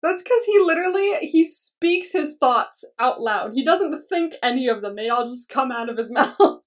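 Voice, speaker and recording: A woman co-hosting a podcast in casual chat, giggly and animated as she retells scenes. Her voice sits fairly high. She sounds slightly distant from the microphone. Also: moderate pace. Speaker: podcast co-host.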